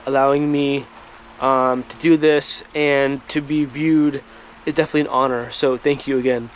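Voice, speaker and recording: A man hosting a firewood channel, talking casually to camera outdoors in halting speech full of ums and restarts. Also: mid-range voice. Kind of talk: casual vlog talk to camera. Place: outdoors by a woodpile, rain and traffic nearby. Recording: light rain and road noise behind.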